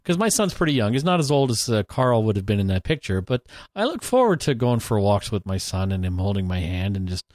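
A man's voice: fairly low pitch, big pitch swings, a little fast, hardly any pauses, a little mellow, dry recording. Cohost guy rambling, swears a bunch, voice bounces all over, dry mic. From Canada. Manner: rambling, candid, swears freely. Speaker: podcast co-host. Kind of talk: casual chat.

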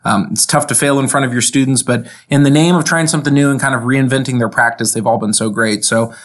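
A man's voice: medium pitch, fast. Enthusiastic male tech coach on a podcast. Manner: enthusiastic, proud, steady explainer. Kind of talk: casual podcast chat.

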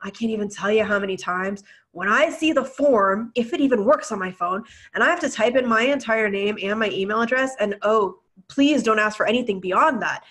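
A woman's voice: mid-range voice, fairly quick, few pauses, a bit bright. A woman co-hosting a casual business podcast, chatty and enthusiastic, often laughing. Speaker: podcast co-host.

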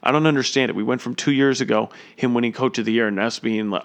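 A man giving casual live play-by-play of a basketball game as a fan, chatty and excitable, breaking into loud exclamations at big plays. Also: medium pitch, fast talker, few pauses.

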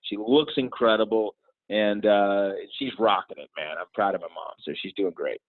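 A middle-aged man telling an earnest, reflective personal story as an interview guest, restarting his sentences often, his voice husky. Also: fairly low pitch, moderate pace. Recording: tinny phone-like line.

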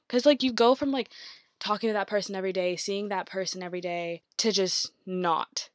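A woman's voice: medium pitch, steady tone, moderate pace, a bit bright, dry recording, clean studio sound. A young woman talking casually to her viewers, rambling with many fillers and acting out inner thoughts. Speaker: vlogger.

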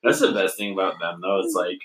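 A man chatting on a casual podcast, telling long, rambling stories in a relaxed way. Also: low voice, a little fast, roomy sound, poor audio. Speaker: podcast co-host. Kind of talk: casual chat.

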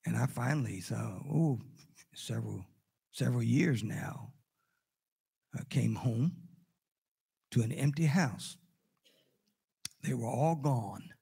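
An older man preaching a sermon, telling a family story with loud exclamations and hushed asides. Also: mid-range voice, slow pace, gravelly, long pauses, husky. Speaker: pastor.

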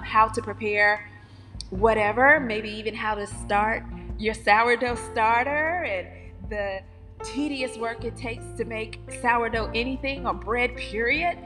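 A woman's voice: a little high, long reverb tail. A woman from North Carolina with a Southern accent, chatting emphatically and cheerfully as host of her own podcast. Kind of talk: casual solo podcast monologue.

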